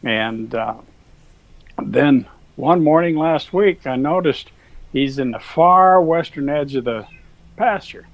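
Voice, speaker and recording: A man's voice: fairly high pitch, slow pace, no room sound, low-quality recording. A man, a cattle rancher, telling a rambling farm story in a folksy, chuckling manner. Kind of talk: casual storytelling.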